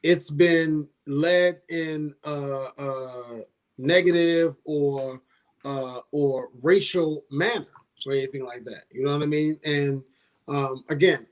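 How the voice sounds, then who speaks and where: A man co-hosting a casual talk show, rambling and hesitant, with many restarts. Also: a little high. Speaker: co-host. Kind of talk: casual podcast discussion.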